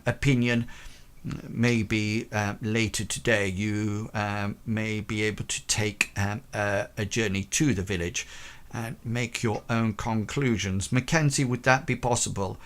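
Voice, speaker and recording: A man's voice: on the low side, fairly even intonation, fairly bright tone. A man playing a stern aristocratic widow in a tabletop game, speaking formally with frequent hesitations. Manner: formal, halting, with many ums.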